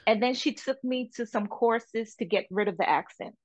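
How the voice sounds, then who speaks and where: A woman's voice: fairly high pitch, moderate pace, muffled recording. A woman from the Caribbean with a Caribbean accent, French her first language, talking emphatically as an interview guest. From French Saint Martin, Caribbean. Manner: animated, emphatic, frequent "you know". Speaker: interview guest, artist and caterer. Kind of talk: casual interview talk.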